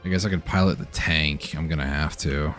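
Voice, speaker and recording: A man with a strikingly deep, low voice chats loosely while he plays, half-muttering his thoughts as he goes. Faint game music sits quietly under his talk. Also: fairly quick. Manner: relaxed, muttering to himself while playing. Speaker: streamer. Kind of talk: casual gameplay commentary.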